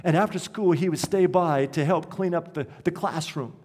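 A man's voice: fairly high pitch, normal speed, a little mellow. A male pastor preaching a sermon in a church, telling a story and building to rhetorical questions. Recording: echoey church hall.

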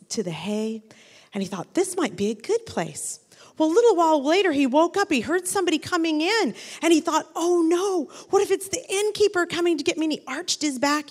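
A woman telling a story to a group of children, animated and asking them questions along the way. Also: high voice, big-room sound.

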